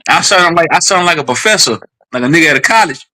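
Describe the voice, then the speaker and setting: A man's voice: a little high, expressive, quick pace, background noise. A man with a Southern US accent hosting a livestream chat, boisterous, profane and joking. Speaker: livestream host.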